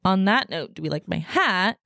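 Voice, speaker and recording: A woman's voice: on the low side, lively intonation, moderate pace, gravelly, fairly bright tone, dry recording, clean studio sound. A woman podcast host in a casual solo rant, venting in a profane, fired-up way from her home podcast room.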